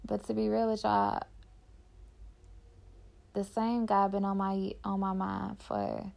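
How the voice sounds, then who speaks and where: A woman's voice: mid-range voice, completely flat delivery, takes it slowly, vocal fry, a little mellow. A young woman podcaster talking candidly and heartfelt in casual personal reflection, filling her talk with "like". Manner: candid and heartfelt, heavy use of "like".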